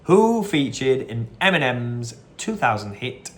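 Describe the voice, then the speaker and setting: A man's voice: mid-range voice, big pitch swings, measured pace, a bit bright. A man hosting a casual pub-style quiz, reading each question twice and drifting into short anecdotes, recorded on a phone. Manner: chatty, repeats each question, wanders into anecdotes. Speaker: quiz host.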